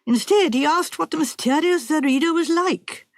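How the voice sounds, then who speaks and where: A woman narrating a mystery audiobook in a measured, even storytelling manner. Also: high-pitched, no echo, studio quality. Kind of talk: scripted narration.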